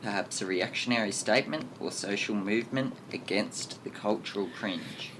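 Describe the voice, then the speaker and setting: Low-voiced male radio interviewer. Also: normal speed, noisy background. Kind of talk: scripted interview questions.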